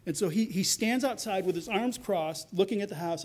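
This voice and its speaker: A man's voice: sits high, moderate pace. A man preaching a sermon, speaking animatedly and voicing the characters in the passage as he goes. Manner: animated preaching, acting out characters' quotes with rising intensity. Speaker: pastor.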